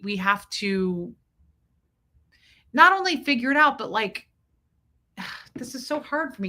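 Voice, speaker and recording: A woman's voice: mid-range voice, bright, forceful tone. A woman in her forties hosting a casual livestream, rambling and thanking viewers by name as she talks. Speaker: livestream host.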